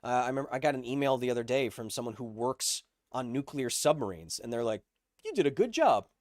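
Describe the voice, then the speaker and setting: A man's voice: mid-range voice, steady tone, fast talker, no room sound, clean studio sound. A man hosting a livestream, explaining science casually and answering chat with jokes. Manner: explains science, reads chat aloud, jokey. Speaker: host.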